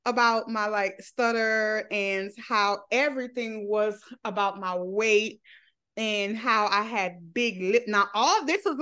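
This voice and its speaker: Woman guest, talks slow and open, laughs a lot, kinda high voice. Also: sharp tone. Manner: laughs often while telling her story; candid and talkative, with loose, run-on phrasing. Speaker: interview guest, social media creator. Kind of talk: casual interview conversation.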